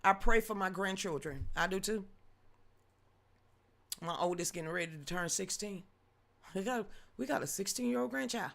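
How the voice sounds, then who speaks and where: A woman's voice: lowish voice, gravelly, a bit bright. A woman in her fifties hosting a news commentary livestream, reading chat and ranting emphatically in a rambling way.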